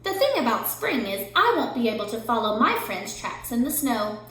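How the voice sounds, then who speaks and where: A woman's voice: on the high side, big pitch swings, moderate pace, fairly bright tone. A woman voicing a cranky bunny in a storybook reading, grumbling and complaining. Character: grumbling bunny who loves winter. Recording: very echoey room.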